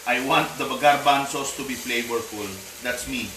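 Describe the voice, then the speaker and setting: At normal speed and with fairly even intonation, a man with a mid-range voice and a Filipino accent chats while cooking on a live stream, sprinkling Tagalog words into his English. The mic is distant, the room echoey, and there's background noise plus faint music.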